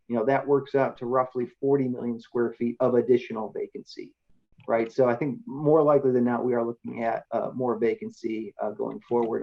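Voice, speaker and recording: A man's voice: mid-range voice, gravelly, lo-fi sound. A male economist giving a slide presentation in a conversational, explanatory way, often checking in with the audience.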